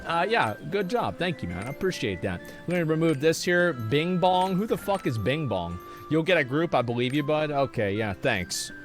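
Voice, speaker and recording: Male streamer, 30s, brash and profane, rambling casual chat at a desk mic, a bit higher pitched, faint music underneath. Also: very animated, moderate pace, hardly any pauses.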